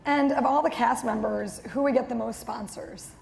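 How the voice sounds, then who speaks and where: A woman's voice: a little high, normal speed, creaky, darkish tone. A woman moderating a live audience Q&A, reading out questions with giggles and hesitant fillers. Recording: long reverb of a hall, faint noise.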